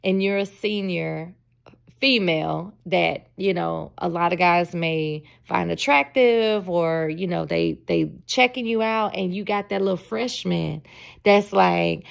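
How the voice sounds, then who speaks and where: A woman's voice: lowish voice, a little slow, creaky, clear, resonant tone. A woman in her forties, a podcast host chatting in a casual storytelling monologue, emphatic and often laughing. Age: 40s.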